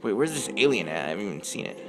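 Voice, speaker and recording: A young man with a lowish voice plays a horror game and commentates in a very animated, rapid-fire way. He's jumpy, yelping and screaming at the scares and muttering to himself between them.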